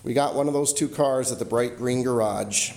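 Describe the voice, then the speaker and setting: A male pastor delivers a storytelling sermon in an ordinary mid-range voice. He slows and drops his voice to land each key line. The sound carries a roomy echo. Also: medium pitch, a little mellow.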